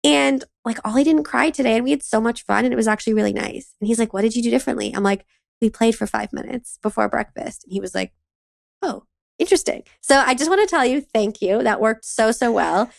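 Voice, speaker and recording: A woman in her thirties co-hosting a parenting podcast, telling a lively story about her morning and acting out her son's lines. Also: fairly high pitch, fast talker, gravelly, no echo, clean studio sound. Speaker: podcast co-host. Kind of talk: casual conversational podcast chat.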